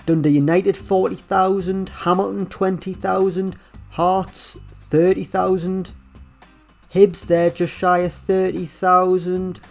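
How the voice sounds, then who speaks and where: A man giving casual, chatty commentary over a management game, with wry asides and lively swings in delivery. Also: high voice, creaky. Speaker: gaming YouTuber.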